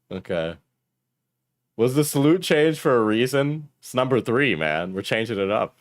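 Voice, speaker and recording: A man's voice: medium pitch, very animated, moderate pace, dry recording. Laid-back, profane young man streaming. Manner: loose, profane, laughs often, mumbles while searching. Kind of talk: casual stream chat, reacting to clips.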